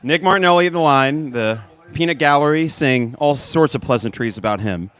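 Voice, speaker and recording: A man's voice: fairly high pitch, a little fast, clean tone. A man hosting a podcast, giving casual live play-by-play of a basketball game while suffering through hot sauces. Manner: animated, pained and laughing from hot sauce. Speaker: podcast host.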